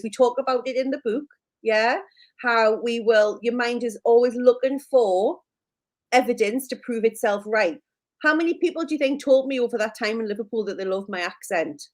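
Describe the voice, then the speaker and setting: A woman with a Newcastle Geordie accent telling stories in a chatty live chat, full of "like" and laughing at herself. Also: on the high side. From Newcastle, England. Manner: chatty storyteller, lots of "like" and self-deprecating laughs. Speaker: co-host.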